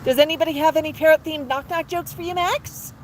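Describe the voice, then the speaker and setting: A woman's voice: high voice, fast, poor audio. A woman hosting a live stream outdoors with her parrot, chatting, telling jokes and laughing. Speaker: livestream host with her parrot. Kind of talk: casual chat with joke telling. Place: outdoor patio. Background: faint street traffic.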